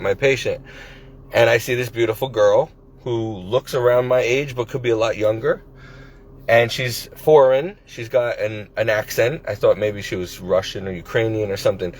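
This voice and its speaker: A man in his forties talking in a casual personal vlog, rambling and hesitant with many restarts, recorded on a phone. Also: lowish voice. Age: 40s. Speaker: vlogger. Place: at his workplace.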